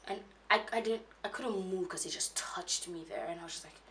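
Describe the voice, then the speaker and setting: A young woman telling a painful personal story, halting, with many restarts and fillers, audibly shaken as she recalls it. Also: fairly low pitch, a bit bright, a little hiss or hum. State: emotional, shaken when recalling. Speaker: vlogger.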